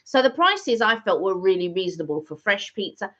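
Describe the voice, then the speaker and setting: A woman's voice: medium pitch, sing-song, brisk, fairly bright tone. Chatty woman, lo-fi sound. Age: middle-aged. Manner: chatty, rambling with many fillers and restarts. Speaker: vlog co-host. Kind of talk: casual chat. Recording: slightly dull lo-fi audio.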